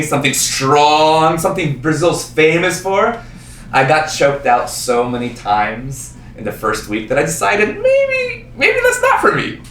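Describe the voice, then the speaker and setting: A young man delivers a self-mocking solo monologue with a slightly high, lively voice that keeps bouncing around. He is picked up from a distance in a roomy little venue, with faint ambient noise underneath. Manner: self-mocking, animated storytelling. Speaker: solo performer. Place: small intimate performance space.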